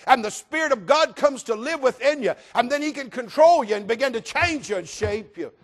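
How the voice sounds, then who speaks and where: A middle-aged male pastor preaching a sermon and telling a folksy personal story, dropping low and then rising to shouts. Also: expressive, fairly quick.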